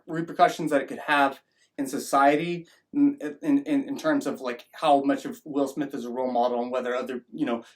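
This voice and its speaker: Male vlogger, opinion rant, rambling with restarts, mid pitch. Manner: rambling, restarts often, acts out mocking voices. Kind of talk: opinion monologue.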